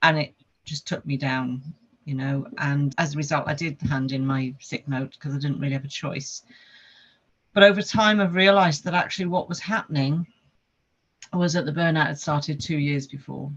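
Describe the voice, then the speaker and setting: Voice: medium pitch, fairly even intonation, moderate pace, a bit bright, muffled recording. A podcast guest, telling a personal story in an earnest way and listing things with lots of repetition.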